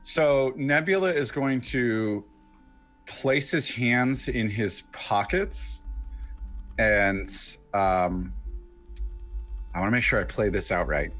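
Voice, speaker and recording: A man's voice: mid-range voice, fairly bright tone, faint music behind. A man playing a tabletop role-playing game, casually describing his character's actions and thinking aloud as he goes. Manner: deliberate, thinks aloud with fillers. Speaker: player.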